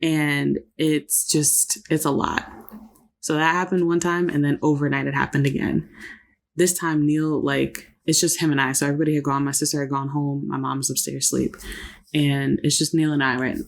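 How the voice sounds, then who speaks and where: A woman's voice: sits low, level tone, moderate pace, creaky. A woman co-hosting a couples podcast, telling a personal story in a reflective, faith-filled way. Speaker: podcast co-host. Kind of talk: casual chat.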